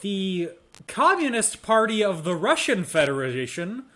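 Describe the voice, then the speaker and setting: A man's voice: high-pitched, sing-song, unhurried, a bit bright. A young man co-hosting a podcast, reading notes aloud with dry, playful asides. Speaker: podcast co-host. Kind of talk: casual chat.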